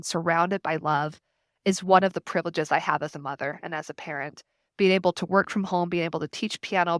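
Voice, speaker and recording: A woman's voice: on the low side, fairly bright tone, no echo, clean studio sound. A woman in her thirties, a podcast guest, talking earnestly and reflectively in long flowing runs. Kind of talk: casual conversation.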